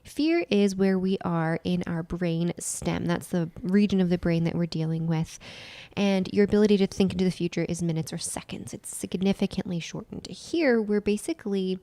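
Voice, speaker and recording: A woman's voice: fairly low pitch, normal speed, few pauses, warm tone, no room sound. A woman co-hosting a podcast, explaining ideas step by step in casual chat and repeating key phrases for emphasis. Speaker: podcast co-host and nutritional therapist.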